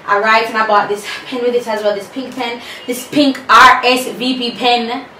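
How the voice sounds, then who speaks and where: A woman's voice: a little high, little pitch movement, normal speed, sharp tone. A woman vlogging in casual chat, showing what is in her bag, with sassy asides to viewers. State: out of breath. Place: room at home with a fan. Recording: echoey room, far from the mic, faint hum.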